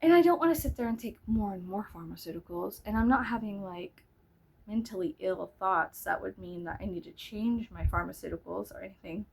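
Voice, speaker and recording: A woman's voice: medium pitch, lively intonation, brisk, vocal fry, a little mellow, a little hiss or hum, low-quality recording. A woman in her thirties chatting casually in a vlog, rambling with lots of fillers and asides. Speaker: vlogger. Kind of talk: casual chat.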